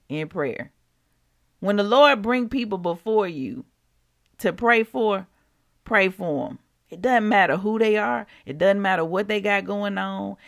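A woman's voice: mid-range voice, vocal fry. A woman hosting a prayer podcast, preaching in a casual, chatty way. She laughs often and acts out scripture scenes.

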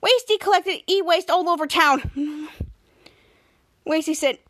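A woman's voice: very high voice, a little slow. A woman hosting a podcast, casually recapping a TV episode scene by scene and acting out the characters' lines. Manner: retells scene by scene with repeated "cut to", acts out lines. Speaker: podcast host.

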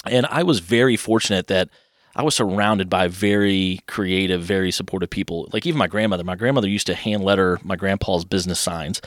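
Fast-talking man telling stories. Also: low-pitched, dry recording, studio quality. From Louisville, Kentucky. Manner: chatty, rambling, animated voices for quoted people. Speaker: podcast guest, artist. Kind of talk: casual interview storytelling.

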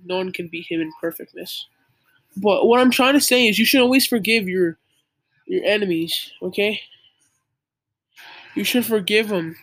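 An earnest young speaker lectures the listener in a casual, preachy monologue. The talk is informal and full of "like" fillers, at a middling pitch. The sound is dry and close. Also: fairly bright tone, no room sound. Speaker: young believer giving religious advice.

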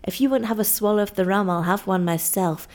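A woman reading aloud and voicing a rough, hard-drinking male sailor who talks bluntly, loudly and mockingly. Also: medium pitch, a little fast, natural voice. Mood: boastful.

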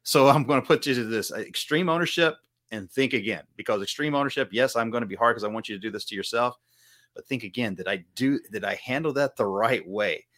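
A man's voice: mid-range voice, fast, fairly bright tone, no room sound, clean studio sound. A middle-aged man from the Southern United States, a martial arts instructor, talking in an earnest, rambling way in a casual podcast chat. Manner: rambling, earnest, self-correcting.

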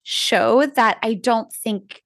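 A woman's voice: on the high side, a bit bright, no room sound, studio quality. Playful woman podcast co-host. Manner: quick reactions, playful teasing. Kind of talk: casual chat.

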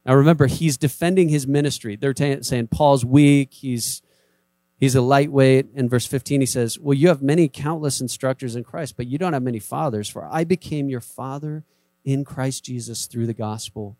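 A man's voice: mid-range voice, fairly quick, dark tone, no echo. Guy pastor giving a sermon, chatty, plays out little quotes, dry sound. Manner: conversational, acts out quoted voices, emphatic repetition.

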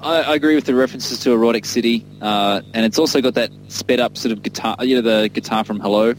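A man's voice: mid-range voice, fast, slight background noise, poor audio. A man chatting in a casual music review, easygoing and agreeable. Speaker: podcast co-host.

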